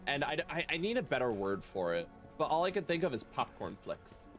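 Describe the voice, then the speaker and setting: Animated joking male game streamer. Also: medium pitch, fairly quick, soft background music. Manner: animated, joking, chatting with viewers while playing. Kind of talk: casual gaming livestream chat.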